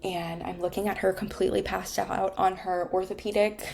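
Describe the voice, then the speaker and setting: A woman talks through her own story, frank and unguarded and at ease with a curse word. Her voice sits mid-range with a gravelly fry at the ends of phrases. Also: medium pitch, little pitch movement, normal speed, darkish tone, a little hiss or hum. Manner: frank and conversational, swears casually. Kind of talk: candid personal storytelling.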